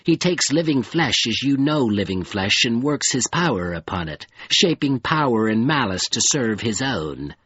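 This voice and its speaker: A cold, dusky crawling creature made of mud, heaving out grave and halting words, as a man reads it in an audiobook. The voice is husky, and the recording sounds dull and close. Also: medium pitch, sing-song, a bit bright, dry recording. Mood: mournful. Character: slimy mud-creature, cold and fearful, pleading. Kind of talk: audiobook character voice.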